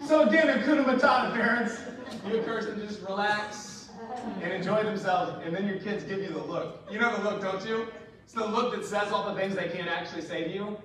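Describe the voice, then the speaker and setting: High-voiced pastor in an echoey hall. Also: male voice, brisk, a crowd in the background. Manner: animated storytelling with humor, dropping to quiet earnest appeals. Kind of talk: sermon. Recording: echoey hall, mic at a distance, faint noise.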